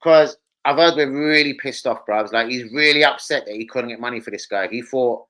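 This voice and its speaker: A man with a British accent hosting a casual football fan livestream, ranting excitably and swearing freely. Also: mid-range voice, fairly quick, low-quality recording. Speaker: live stream host.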